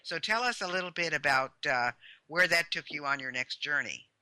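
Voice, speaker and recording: A woman hosting an interview, asking her guest questions in a warm, praising way. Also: sits low, expressive, normal speed, no echo. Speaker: interview host. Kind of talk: radio interview.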